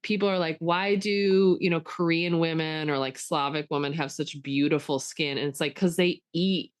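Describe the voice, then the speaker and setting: A woman with a slightly low voice co-hosts a podcast in casual chat. She talks quickly and animatedly, with a lot of fillers. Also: smooth. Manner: chatty, animated, many fillers. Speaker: podcast co-host.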